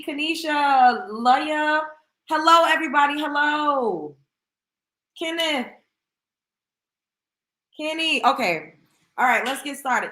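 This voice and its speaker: Woman, livestream host, chatty, bright forceful voice, echoey room. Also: high voice. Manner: chatty, greets viewers by name. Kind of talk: casual livestream chat.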